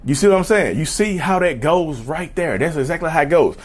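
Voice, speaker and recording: A man's voice: a little high, animated, a little fast. Emphatic man ranting with a slight lisp. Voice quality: slight lisp from new dental work. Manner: rambling, emphatic, repeats himself, addresses viewers as y'all. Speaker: vlogger. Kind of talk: casual advice rant to viewers.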